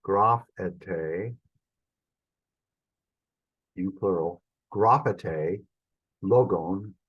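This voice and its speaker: Man, middle-aged, language instructor, slow deliberate delivery, husky lowish voice, corrects himself as he goes. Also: lo-fi sound. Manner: thinking aloud, stops to correct himself. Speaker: Greek instructor. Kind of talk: recorded classroom lesson.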